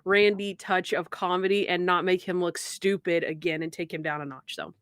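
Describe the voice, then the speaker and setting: A woman's voice: fairly low pitch, steady tone, normal speed, fairly bright tone, clean tone, dry recording, studio quality. A young woman co-hosting a podcast in casual chat, animatedly retelling scenes from a TV episode. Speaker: podcast co-host.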